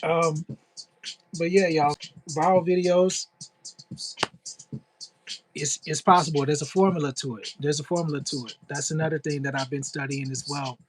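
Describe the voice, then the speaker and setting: A middle-aged man chats casually on a livestream, upbeat and loose, his voice sitting a little high for a man. He peppers his talk with "like" and "you know", answers chat comments as they come in, and keeps it friendly and easygoing. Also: poor audio. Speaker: content creator and actor.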